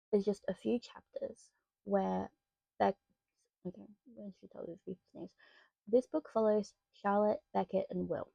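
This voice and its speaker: Australian woman, young, chatty book vlogger, warm gravelly voice, slightly dull lo-fi recording. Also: mid-range voice, no echo. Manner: chatty, rambling, quick to rant. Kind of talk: casual book review chat.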